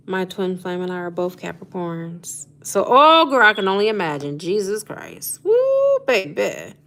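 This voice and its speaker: Talking zodiac signs with her viewers, this live stream astrology host, a woman in her thirties or forties, has a fairly low but fairly bright voice. She laughs a lot and keeps calling people "honey" and "y'all" in her casual chat.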